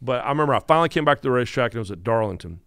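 Animated Southern storyteller, a man in his 50s. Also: mid-range voice, racing, dry recording, studio quality. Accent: North Carolina Southern. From North Carolina. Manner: animated storyteller who acts out quotes. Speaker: guest podcast host. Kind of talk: casual podcast storytelling.

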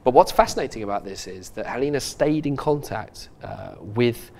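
A man hosting a podcast, telling a story in a halting, earnest way with many restarts and fillers. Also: mid-range voice, animated, vocal fry, darkish tone. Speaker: podcast host. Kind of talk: casual podcast chat.

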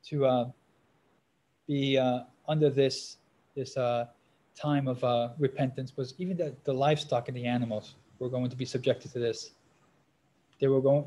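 A man preaching a sermon, pausing often on fillers and restarts, getting louder and more forceful when he reads scripture aloud. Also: medium pitch, fairly even intonation.

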